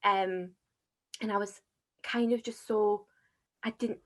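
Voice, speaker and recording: A woman's voice: medium pitch, fairly even intonation, slow. A young woman, candidly telling her own story as a podcast guest. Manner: candid, self-deprecating storyteller. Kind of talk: casual chat.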